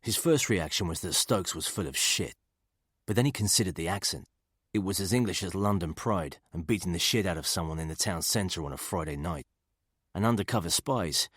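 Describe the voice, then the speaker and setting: A man giving steady, measured scripted narration of a thriller audiobook. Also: deep voice, slightly rough, no room sound, clean studio sound.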